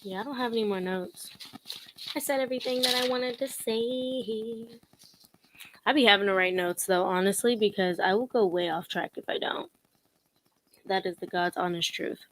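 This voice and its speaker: A woman's voice: mid-range voice, moderate pace, a bit bright, a little hiss or hum. A young woman vlogging casual commentary, sassy and blunt, laughing often as she mocks.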